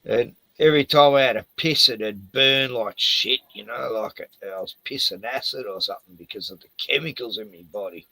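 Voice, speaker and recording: A man's voice: medium pitch, moderate pace, hardly any pauses, pushed and bright, no room sound, poor audio. An older man, a retired house painter, rambling and swearing through a casual chat with lots of "you know".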